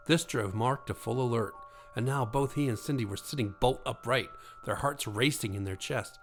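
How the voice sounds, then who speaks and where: Brief: male storyteller, mid-pitched, slow and even, faint music behind. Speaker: narrator. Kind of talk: scripted ghost story narration.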